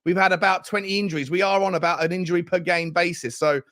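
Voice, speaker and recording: Excitable English football fan host. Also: male voice, sits high, fast talker. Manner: excitable, laughs a lot, shouts out chat names. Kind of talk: casual live-stream chat.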